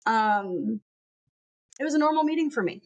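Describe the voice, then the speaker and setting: A woman's voice: fairly high pitch, expressive, moderate pace. A woman guest on a podcast recounting a personal story, earnest and full of "um" and "like.". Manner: earnest, lots of "um" and "like".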